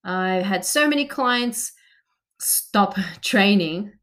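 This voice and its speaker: A woman's voice: medium pitch, lively intonation, slow pace, fairly bright tone. A woman in her thirties, a personal trainer, talking directly and chattily to the listener about exercise motivation and asking questions. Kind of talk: motivational talk to camera.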